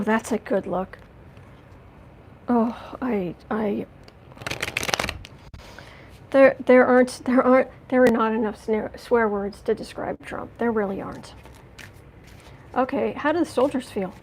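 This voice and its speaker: A woman's voice: fairly high pitch, darkish tone, slight background noise, poor audio. Woman, tarot reader, livestream chat, indignant, emphatic, restarts. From United States.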